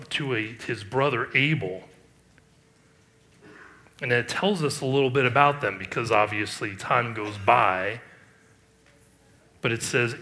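A middle-aged male pastor with a medium-pitched voice preaches a sermon, reading scripture aloud and commenting on it. His delivery swings between emphatic rises and quiet asides.

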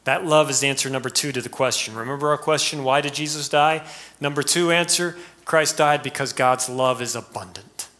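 A middle-aged man preaching a sermon in a lively way, breaking into sudden high, mocking asides. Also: normal speed. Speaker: pastor.

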